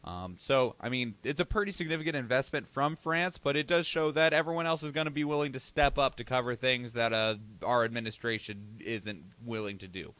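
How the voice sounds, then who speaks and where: A man's voice: mid-range voice, brisk, few pauses, fairly bright tone, clear, resonant tone, no room sound. A young man with a faint Southern American accent co-hosting a podcast, reading news items and rambling through them with self-corrections and easy laughs. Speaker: podcast co-host. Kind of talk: casual news-reading chat.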